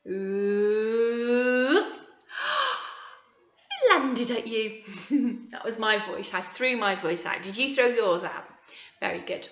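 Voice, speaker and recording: A woman talks in a high, lively voice. She leads a video lesson for small children, playful and coaxing. The recording is roomy and echoey, with a slightly muffled, dull sound. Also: a little slow. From England. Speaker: nursery teacher.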